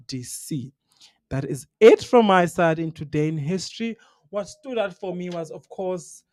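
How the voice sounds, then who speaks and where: A host of a live radio show, speaking at a middle pitch. Their delivery is relaxed and teasing. They move easily between reading history notes and casual banter.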